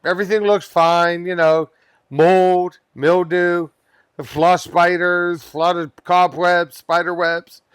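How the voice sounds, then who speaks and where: A man's voice: sits high, little pitch movement, takes it slowly, clean tone, no echo. A pest control worker, a man, telling a wild work story on a comedy podcast, swearing freely and laughing as he goes. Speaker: podcast guest. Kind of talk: animated storytelling.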